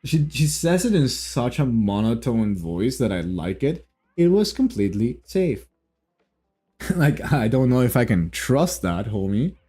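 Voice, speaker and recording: A man with a mellow, darker voice rambles casually while reacting to a game's story. He jokes, restarts his sentences and chuckles often. Faint game music plays beneath him. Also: mid-range voice, very animated, a little slow, hardly any pauses. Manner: rambling, joking, frequent restarts and laughs. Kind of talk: casual gameplay commentary.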